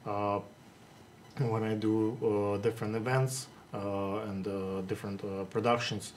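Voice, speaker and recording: A man who hosts interviews, talking in a casual, halting way, full of hesitations and restarts. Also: lowish voice, flat delivery, a little hiss or hum. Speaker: interviewer host.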